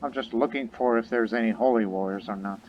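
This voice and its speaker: A man's voice: fairly low pitch, fairly quick, highs cut off, a little hiss or hum. A man casually commenting on his own strategy game as he plays, thinking aloud with chatty asides. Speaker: game streamer.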